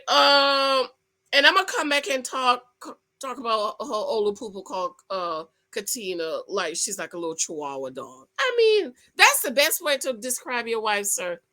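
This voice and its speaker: A woman giving a sassy, animated recap of a reality TV episode, talking straight to her viewers. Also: medium pitch. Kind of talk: casual recap commentary.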